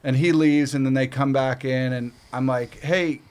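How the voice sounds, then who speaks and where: A man's voice: mid-range voice, normal speed, clear, resonant tone. A middle-aged man from Canada, a guest telling a casual story with lots of swearing and acted-out quotes. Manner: profane, animated retelling with acted quotes.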